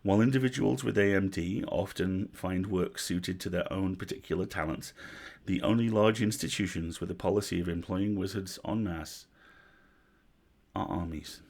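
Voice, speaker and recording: A man reading a story aloud on a livestream, measured, with wry asides. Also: low voice, fairly even intonation, a little mellow. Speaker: story reader.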